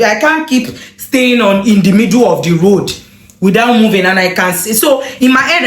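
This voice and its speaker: A woman telling a personal story to her viewers, animated and full of exclamations. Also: mid-range voice, roomy sound. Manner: animated, emotional retelling with exclamations. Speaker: vlogger. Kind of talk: casual storytelling to camera.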